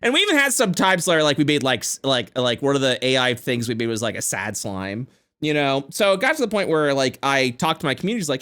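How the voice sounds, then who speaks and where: Animated young man, casual chat. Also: medium pitch, fast. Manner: animated, swearing, trails off and restarts. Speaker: podcast co-host and game master.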